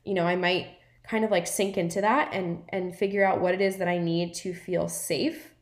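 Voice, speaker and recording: A woman with a fairly low, evenly intoned voice speaks at a moderate pace, hosting her wellness-coaching podcast in a casual, earnest, encouraging monologue. She's chatty and leans on fillers, tossing in "like" and "right?" constantly. The room gives the recording a noticeable echo.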